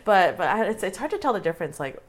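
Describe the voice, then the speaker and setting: Young woman, host of a casual panel, animated with a wide-ranging voice. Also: mid-range voice, fast. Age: young adult. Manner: animated, laughing, says "like" a lot. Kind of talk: casual group discussion.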